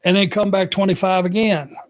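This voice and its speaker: A man from Georgia, co-hosting a podcast and telling a long anecdote in an unhurried, drawn-out way. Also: sits high, steady tone. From Georgia, USA. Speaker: podcast co-host. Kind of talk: casual storytelling chat.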